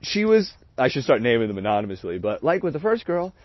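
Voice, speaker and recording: A man's voice: mid-range voice, very animated, fast, no room sound. A man hosting a stream, telling a story in a candid, rambling, profane way with frequent laughter. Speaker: host of a livestream. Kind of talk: casual storytelling. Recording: dull, dry lo-fi sound.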